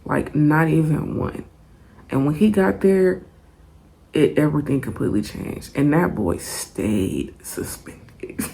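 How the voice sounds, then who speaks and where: Animated, gravelly young woman storyteller. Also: low-pitched, slow. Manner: animated, profane, laughing often. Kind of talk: casual storytime vlog.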